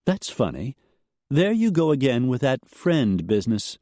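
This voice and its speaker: A man's voice: mid-range voice, very animated, unhurried, mellow, dry recording, clean studio sound, voice pushed up. A man voicing a cold, clipped widowed woman who owns a ranch.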